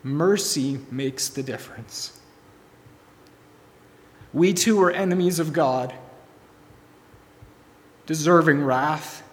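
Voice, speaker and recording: A man preaching a sermon, telling a story and swinging from soft, hushed lines to emphatic ones. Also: on the high side, takes it slowly, long pauses, long reverb tail. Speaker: pastor.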